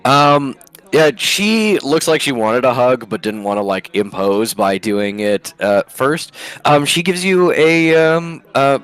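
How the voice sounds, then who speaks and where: A man's voice: medium pitch, takes it slowly, fairly bright tone, clear, resonant tone. A man narrating as game master in a tabletop game, rambling with many fillers.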